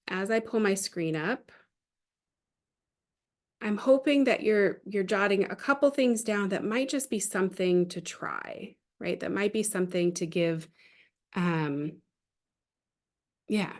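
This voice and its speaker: A woman's voice: medium pitch, lively intonation, takes it slowly, long pauses. A woman giving an online parenting training over a video call, talking in a chatty way with frequent fillers and restarts. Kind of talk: online training talk with storytelling.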